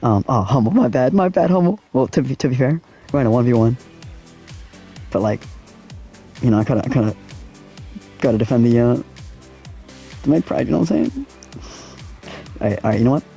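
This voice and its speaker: A man's voice: mid-range voice, animated, fairly quick, gravelly, long pauses, mellow, breathy edge, soft background music. A young man casually talking to his viewers in slangy speech while he plays a racing game. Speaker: gaming streamer. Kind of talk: casual live-stream commentary.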